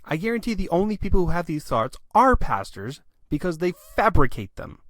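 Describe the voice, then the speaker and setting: A man's voice: high-pitched, sing-song, moderate pace, dry recording. A man hosting a sermon review, speaking with blunt, skeptical criticism. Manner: skeptical and blunt, challenges the preacher. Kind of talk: critical commentary.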